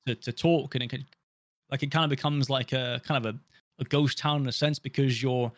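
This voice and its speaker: A man's voice: mid-range voice, steady tone, a little fast, dry recording. A young man with a British accent talks loosely and casually, circling his points with plenty of fillers and false starts. His voice sits in an ordinary middle register. The recording is dry and close, with no room sound. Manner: rambling, lots of fillers and restarts. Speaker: podcast guest, streamer. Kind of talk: casual podcast chat.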